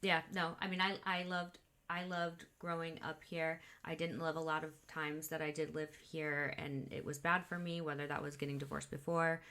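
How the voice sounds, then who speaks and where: A woman's voice: deep voice, level tone, normal speed, few pauses, sharp tone, smooth. A woman in her thirties from Illinois, co-hosting a podcast in casual chat, candid and swearing freely with lots of fillers. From Illinois, USA. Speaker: podcast co-host.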